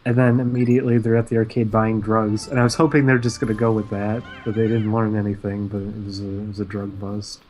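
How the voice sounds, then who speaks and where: A man co-hosting a casual podcast, recapping cartoon plots in a sarcastic, deadpan way. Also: lowish voice, quick pace, hardly any pauses, low-quality recording. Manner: sarcastic, deadpan recounting of plot. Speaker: podcast co-host.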